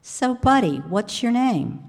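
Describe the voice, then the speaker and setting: A woman's voice: fairly high pitch, animated, slow, voice pushed up. A woman voicing a cocky male burglar who chats up a parrot in a chummy, amused way, in an echoing hall.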